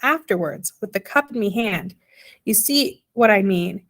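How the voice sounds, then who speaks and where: A woman reading the part of a small, homely father who explains things slowly in plain, ungrammatical speech. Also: medium pitch, animated, fairly bright tone. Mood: explaining. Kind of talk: audiobook character reading.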